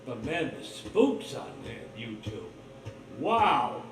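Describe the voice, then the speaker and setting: A man's voice: medium pitch, big pitch swings, slow pace, far from the mic, over music. A man hosting his own livestream, talking in a rambling, blunt, profane monologue full of suspicion. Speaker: livestream host. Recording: roomy echo, voice off-mic, faint ambience.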